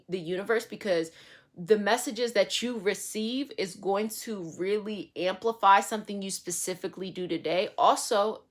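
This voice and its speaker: A woman giving a casual daily tarot reading, chatty and lively with slangy asides. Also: medium pitch. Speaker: tarot reader. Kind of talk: casual spiritual reading to camera.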